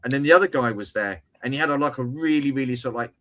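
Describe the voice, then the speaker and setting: Brief: male co-host, bright forward tone, a bit hoarse, chatty and swearing. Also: medium pitch. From United Kingdom. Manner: chatty storyteller, quick asides and swearing. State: slightly hoarse. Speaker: livestream co-host. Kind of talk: casual livestream chat.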